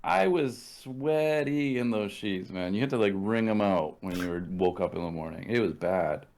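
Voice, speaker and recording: Canadian man, low voice, casual profane storyteller, acts out quotes. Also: normal speed, darkish tone. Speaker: podcast guest.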